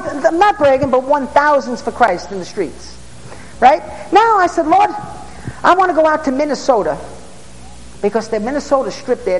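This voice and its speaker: A man, a preacher and former police officer, telling stories in a sermon, bursting into shouts and asking for amens. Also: very high voice, big-room sound, slight background noise, low-quality recording. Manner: excitable, bursts into shouts, asks the crowd for amens. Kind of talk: storytelling sermon.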